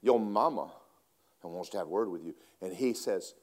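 A man preaching a sermon, swinging between loud emphatic lines and hushed asides. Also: low voice, moderate pace.

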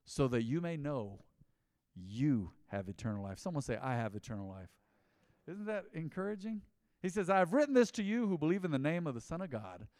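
A man preaching a mid-week sermon as pastor, chatty and conversational, swinging from loud emphatic lines to quiet asides. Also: mid-range voice, clear, resonant tone, clean studio sound. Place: church sanctuary. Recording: long reverb of a large church hall.

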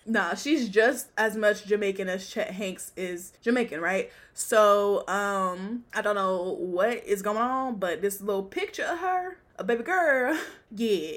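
A woman's voice: medium pitch, lively intonation, slow, fairly bright tone. A young woman hosting a podcast, blunt and profane, ranting about pop culture and laughing often. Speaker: podcast host. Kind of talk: casual pop-culture commentary.

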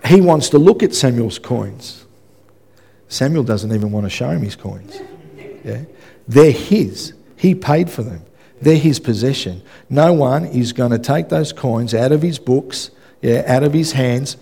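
A male pastor, preaching a sermon and telling an animated story, acting out the dialogue and often checking in with "yeah?". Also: mid-range voice, unhurried, creaky, husky. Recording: reverberant hall.

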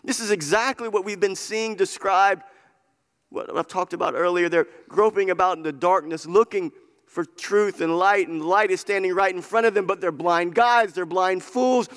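A pastor delivers an impassioned, repetitive sermon, hammering his points home with repeated phrases. His voice is high-pitched and fairly bright, moving at a moderate pace. Long hall reverb trails each line.

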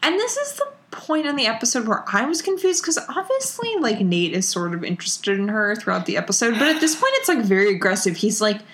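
A woman's voice: fairly high pitch, brisk, hardly any pauses. Chatty woman recapping a show over a call. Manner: chatty, animated retelling with lots of "like" and quoted lines. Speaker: podcast co-host recapping a TV show. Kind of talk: casual chat. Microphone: remote call.

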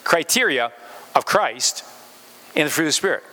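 A man's voice: on the high side, expressive, moderate pace, bright, forceful tone, in a large hall. A pastor preaching a sermon, speaking straight to his congregation and asking them questions as he goes.

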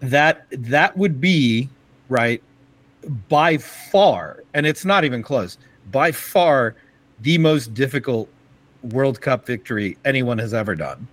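A man co-hosting a casual sports podcast, his voice sitting in an ordinary middle pitch. He talks with eager enthusiasm but stumbles through fillers and restarts as he builds his point. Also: expressive, slow pace, fairly bright tone, poor audio. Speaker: podcast co-host.

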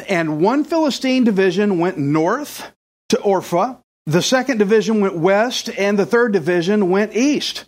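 Animated high-voiced male pastor preaching. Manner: animated storytelling, puts on voices for characters. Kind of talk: sermon.

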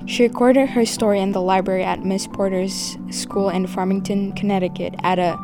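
A woman's voice: mid-range voice, fairly even intonation, moderate pace. A woman host reading a scripted introduction in a plain, informative way. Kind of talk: scripted narration. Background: clear music.

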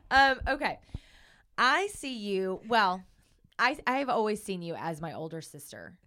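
A woman with a bright, forceful voice co-hosts a relaxed podcast conversation. She talks earnestly and gushes with praise, often acting out what others say. Her pitch sits in an ordinary middle range. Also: measured pace. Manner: earnest, gushing, fond of quoting people. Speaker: podcast co-host. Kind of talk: casual chat.

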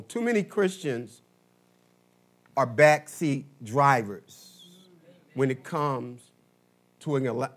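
A male pastor preaching a sermon, telling a story slowly and dramatically, swinging between loud and soft. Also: mid-range voice. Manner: slow dramatic storytelling with big swings in loudness.

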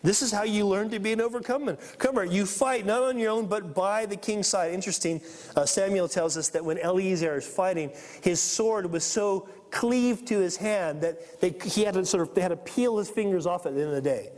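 A man with a high voice preaches a sermon, reading scripture aloud and acting out the people in the story with animated energy. His voice rings out in a long, echoing hall reverb. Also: brisk. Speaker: pastor.

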